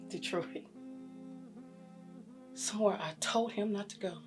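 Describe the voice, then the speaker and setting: A woman's voice: medium pitch, unhurried, slightly rough, soft background music. An actress playing a bitter, hurt mother of a grown son in a family therapy scene. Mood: defiant. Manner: bitter, rising to furious shouting. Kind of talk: web series drama acting.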